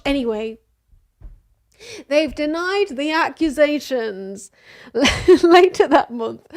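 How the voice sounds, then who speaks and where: A woman's voice: high voice, darkish tone. A woman streamer reading news aloud in casual commentary, sarcastic and often laughing. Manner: sarcastic, laughing, reads quotes mockingly.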